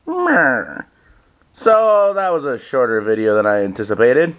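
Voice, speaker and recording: A man's voice: mid-range voice, big pitch swings, unhurried, a bit bright. A young man vlogging casually on his own at home, rambling and self-mocking, swearing freely. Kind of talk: casual solo vlog.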